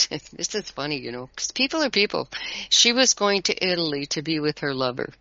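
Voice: medium pitch, big pitch swings, a little fast, pushed and bright, dry recording, highs cut off. A tarot reader talking as a guest in a casual conversation, rambling a little and chuckling often.

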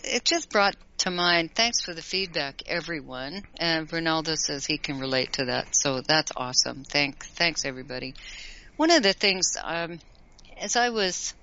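Low-voiced woman, bright and sharp tone, gentle encouraging card reader, dull lo-fi stream audio. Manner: gentle, encouraging, laughs easily. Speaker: regular guest doing card readings. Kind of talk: casual live-stream chat.

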